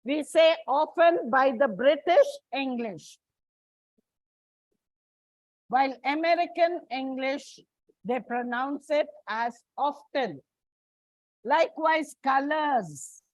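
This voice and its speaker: A woman's voice: sits high, measured pace, dry recording, rough recording. A woman from India giving a classroom lecture as an English teacher, explaining step by step with frequent restarts and fillers.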